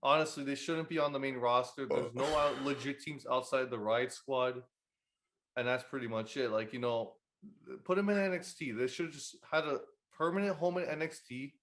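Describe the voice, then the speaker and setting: A man's voice: mid-range voice, steady tone, normal speed, fairly bright tone. A young man co-hosting a casual wrestling podcast, giving blunt, profane opinions. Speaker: podcast co-host.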